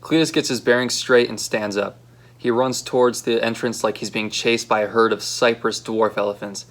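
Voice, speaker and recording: A man's voice: medium pitch, steady tone, moderate pace. A young man casually reading aloud his own short story script, with a few fillers. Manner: plain, casual read with occasional fillers.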